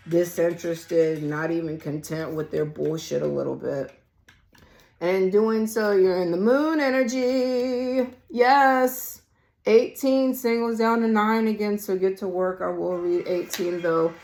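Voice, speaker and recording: A woman with a fairly low, hoarse voice, as if she is losing it, talking straight to her viewers through a tarot spread. She is blunt and emphatic and swears without a second thought, while a song plays faintly underneath. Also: poor audio. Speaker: tarot reader. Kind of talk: casual collective tarot reading. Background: song playing quietly.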